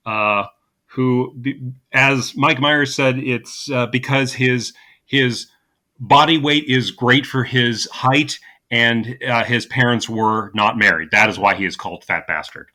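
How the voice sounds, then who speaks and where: A man with a bright, mid-pitched voice talks through a movie plot on a podcast. He is casual and loose, full of ums and restarts. He slips in deadpan sarcasm as he goes. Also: a little slow. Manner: dry sarcastic humor with frequent fillers and restarts. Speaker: podcast co-host.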